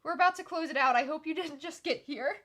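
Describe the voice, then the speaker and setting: A woman co-hosting a casual livestream chat, teasing and blunt, quick to laugh. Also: high-pitched, pushed and bright. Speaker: co-host.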